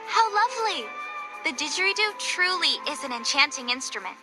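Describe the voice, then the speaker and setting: A woman's voice: sits high, very animated, brisk, music in the background, poor audio. A woman voicing a gracious young female star musician who is courteous and gushes over instruments in a game. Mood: enthusiastic.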